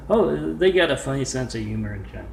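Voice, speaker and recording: A man telling a home-made story in a meandering way, full of "uh" pauses and side remarks, recorded in a room at home. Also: medium pitch, expressive, vocal fry. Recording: echoey room with faint noise.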